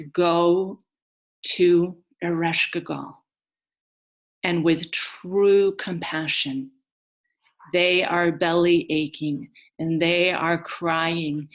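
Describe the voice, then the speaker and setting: A woman storyteller recounting an ancient myth in a slow, hushed, incantatory way. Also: fairly low pitch. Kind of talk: mythic storytelling.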